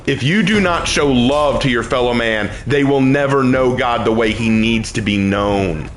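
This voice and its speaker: A man's voice: mid-range voice, moderate pace, reverberant, slight background noise. A man preaching emphatically and repetitively while playing a video game. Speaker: gamer streaming gameplay. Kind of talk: casual preaching while gaming.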